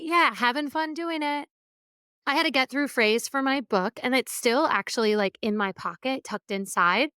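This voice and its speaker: A woman's voice: on the high side, a bit bright, clean tone, no echo, clean studio sound. A woman hosting a motivational podcast, talking conversationally and acting out what other people say. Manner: conversational, acts out quoted remarks. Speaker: podcast host and keynote speaker.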